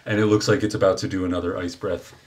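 A man running a tabletop game as game master, narrating the scene with lively energy and frequent fillers. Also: sits low, fast, noisy background. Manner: energetic, descriptive, many fillers.

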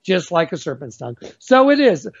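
High-voiced man, fervent testimony. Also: big pitch swings, husky. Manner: fervent, emphatic, slows down to stress words. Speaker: guest. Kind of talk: excited religious testimony over video call. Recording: dull lo-fi sound.

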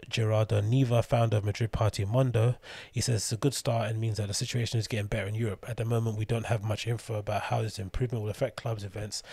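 Sarcastic swearing man, husky voice. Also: on the low side, darkish tone, no room sound. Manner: swears freely, dry sarcastic asides, reads news aloud. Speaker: podcast host. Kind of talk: casual solo rambling commentary.

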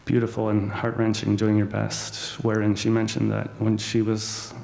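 A man's voice: lowish voice, completely flat delivery, normal speed, gravelly, darkish tone. A man giving an earnest, self-deprecating personal talk to an assembly. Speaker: assembly speaker. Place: large hall. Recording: echoey hall reverb.

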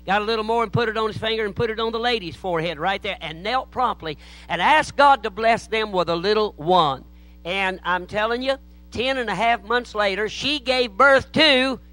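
A man's voice: high voice, bright, forceful tone, dry recording, low-quality recording. A man preaching a sermon in a church, telling folksy stories. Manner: folksy joke-telling, acts out voices in anecdotes. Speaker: pastor.

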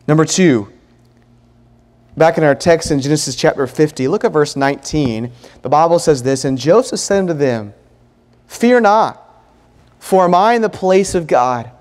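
A man preaching a sermon in a church, earnest and emphatic, repeating points and pausing often. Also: a little high, lively intonation, darkish tone, big-room sound. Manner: earnest, emphatic, with pauses and repetition. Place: church sanctuary.

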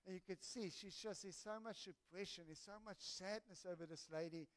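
Guy preaching a sermon, high clear smooth voice, tells stories all animated, keeps restarting. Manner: animated, halting storyteller with many restarts. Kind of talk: sermon with storytelling.

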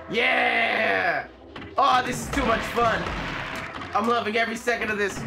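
A playful gamer talks through a run at a slow, drawn-out pace, yelling at enemies and cursing freely. Game music plays clearly underneath the voice. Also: medium pitch. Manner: excitable, playful, swears freely. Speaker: let's play gamer. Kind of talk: casual gameplay commentary.

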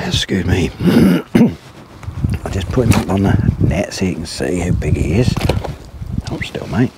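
Man, very low voice, casual fishing commentary, lakeside, heavy outdoor noise. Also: very animated, takes it slowly, pauses often. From England. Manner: chatty, talks to the fish and the viewer, sometimes whispers. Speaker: angler vlogger. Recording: loud outdoor background noise. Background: loud outdoor noise, a dog barking.

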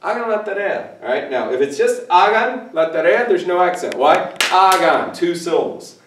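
A man teaches Spanish commands in a playful, joking way, his pitch swinging widely as he explains. He is recorded from a distance in an echoey room. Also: normal speed. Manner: playful, jokey, animated asides. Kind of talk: classroom video lesson.

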